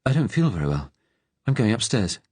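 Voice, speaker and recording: A man's voice: fairly low pitch, sing-song, brisk, darkish tone, breathy edge, no echo, voice pushed up. A male narrator playing an anxious, worn-out young woman in an audiobook, strained and nervous, in a voice raised well above his own. Recorded close and dry.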